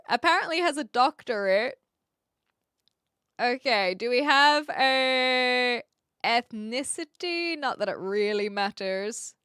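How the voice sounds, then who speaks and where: A woman's voice: on the high side, animated, slow pace, bright, forceful tone, clear, resonant tone, dry recording, studio quality. A young woman livestreaming, chatting casually and rambling with lots of fillers while reacting to her chat. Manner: reads chat and reacts aloud.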